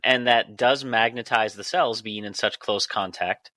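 A podcast host explaining science news in a calm, deadpan way with dry humor. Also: male voice, fairly low pitch, a little slow, no room sound. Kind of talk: casual chat.

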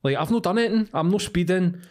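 A young man with a Glaswegian accent, co-hosting a podcast and telling animated, sweary stories in casual chat. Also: high-pitched, quick pace. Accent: Scottish, Glaswegian. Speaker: podcast co-host.

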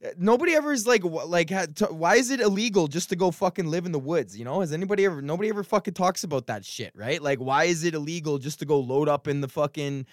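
A man's voice: on the high side, animated, fast, hardly any pauses, no room sound, clean studio sound. Profane ranting man from Canada. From Edmonton, Canada. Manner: profane, ranting, heavy swearing; rambling with restarts and fillers. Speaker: podcast host, stand-up comic. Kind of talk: solo comedic rant.

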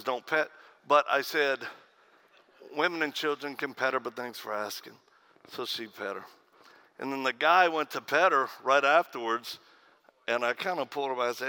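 Bright-voiced man telling folksy stage stories. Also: mid-range voice. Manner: folksy storyteller, acts out quoted voices, laughs at own stories. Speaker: pastor. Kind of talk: humorous speech to a conference crowd. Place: conference stage.

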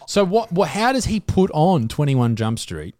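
A man co-hosting a casual podcast, teasing the others and laughing often. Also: moderate pace. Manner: teasing, laughs often, lively pitch swings. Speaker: podcast co-host. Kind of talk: casual banter.

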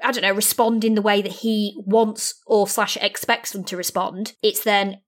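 A woman's voice: medium pitch, moderate pace. British woman, young adult, podcast co-host, casual chat, giggly, frank. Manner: chatty, frank and giggly, with expressive put-on quotes.

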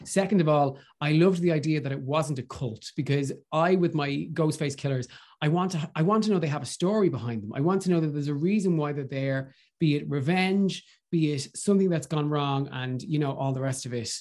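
An Irish man talks in a gushing, animated way, his voice sitting a little high for a man. He trips over restarts as his excitement runs ahead of him, in casual podcast chat. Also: fairly quick. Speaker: podcast guest. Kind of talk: casual film review chat.

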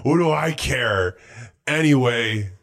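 A man voicing a puppeteered dead man in a tabletop game, in a slow, deadpan, mocking drawl. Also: medium pitch. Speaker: game master voicing a character.

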